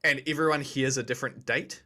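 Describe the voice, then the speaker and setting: A man's voice: mid-range voice, steady tone, a little fast, sharp tone. A young man co-hosting a podcast, chatting casually in a rambling, slangy way. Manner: rambling, slangy, laughs often. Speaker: podcast co-host. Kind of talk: casual chat.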